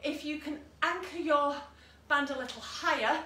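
A woman's voice: high-pitched, normal speed, pushed and bright. A woman leading an online exercise class, giving encouraging cues and countdowns with chatty asides. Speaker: fitness instructor. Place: room at home, with a dog nearby. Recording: echoey room, voice from a distance, faint noise.

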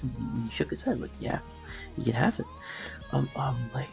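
Young man, gravelly voice, casual rambling storytelling, faint music behind. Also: lowish voice, steady tone, unhurried, a little mellow. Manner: rambling, many fillers, acts out quotes.

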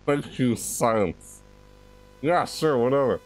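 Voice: medium pitch, sing-song, moderate pace, husky. Shrieking, panicky horror-game player. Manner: panicky, yelps and shrieks, repeats "oh my god". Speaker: gaming channel host. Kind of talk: horror game let's play commentary. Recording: game music loud under the voice. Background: loud tense game music.

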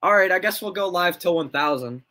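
A man's voice: high-pitched, animated, brisk, bright, forceful tone. A young man chatting casually on a livestream, rambling, laughing often and reacting to chat.

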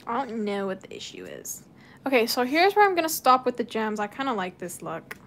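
Young woman doing nails on a live stream, kinda high voice, laughs a lot. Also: wildly swooping pitch, a little fast, a bit bright, slight background noise. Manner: chatty, laughs often. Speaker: nail artist streamer. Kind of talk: casual live stream chat.

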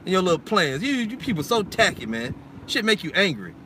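A man's voice: high-pitched, big pitch swings, a little fast, pushed and bright, slight background noise. A man preaching an informal sermon and reading scripture, blunt and heated, swearing often and ending lines with "man.". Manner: heated, blunt and profane, keeps adding "man".

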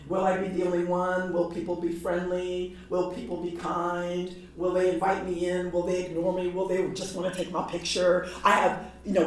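A woman from New York giving a lecture, telling stories in a lively, humorous way. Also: fairly low pitch. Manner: animated, humorous storytelling with laughs. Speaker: guest lecturer. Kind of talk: storytelling lecture. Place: large lecture hall. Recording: echoey hall, voice from far off.

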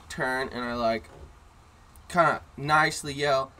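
A man hosting a podcast, telling a story in a profane, sarcastic, animated way. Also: medium pitch, moderate pace. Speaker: podcast host. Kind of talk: casual storytelling chat. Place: in a car.

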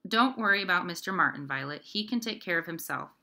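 A woman's voice: fairly low pitch, lively intonation, fast, gravelly, sharp tone, exaggerated voice. A woman voicing a worn-out young woman who talks to her little sister in a tired, sighing, reassuring way. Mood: weary.

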